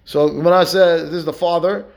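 A man's voice: a little high, steady tone, brisk, creaky, a little mellow. A rabbi teaching a Talmud study lesson. He reads Aramaic and Hebrew text aloud, then explains it step by step with rhetorical questions and a frequent "right?". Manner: keeps checking in with "right?".

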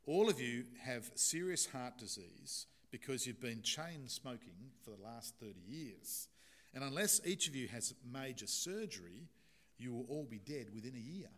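A man's voice: medium pitch, expressive, normal speed, fairly bright tone. A man doing a blunt, frank doctor. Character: frank male doctor delivering bad news.

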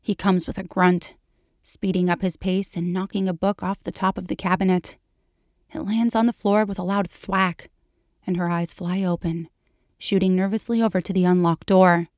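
A woman reading a fan fiction story aloud in a steady storytelling manner. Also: lowish voice, normal speed, dry recording, clean studio sound. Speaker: reader.

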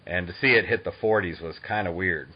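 A man in his thirties from Boston hosting a podcast, talking in an eager, excitable, fan-like way. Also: sits low, a little fast, husky, muffled recording. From Boston, Massachusetts. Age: 30s. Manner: eager, excitable, self-described dork. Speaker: podcast host. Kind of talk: casual interview chat.

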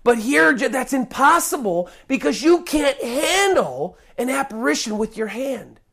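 A preacher teaching a Bible passage in a sermon, speaking emphatically with sudden loud bursts and frequent restarts. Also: high voice, very animated, measured pace, creaky.

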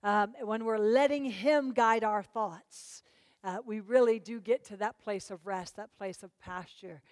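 A woman's voice: mid-range voice, unhurried, a little mellow, no room sound. A woman leading a Bible study class, questioning her students and urging them to answer.

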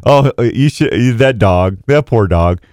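A man hosts an outdoors show in relaxed live chat. He rambles in a folksy, eager way. His voice is smooth and resonant, recorded dry with no room sound. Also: mid-range voice, unhurried, dry recording.

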